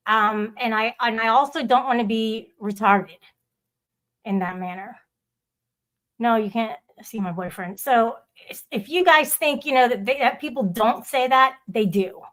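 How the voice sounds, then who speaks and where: A woman's voice: fairly high pitch, unhurried, fairly bright tone. A woman hosting a casual livestream, rambling and swearing as she talks back to her viewers' chat. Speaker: livestream host.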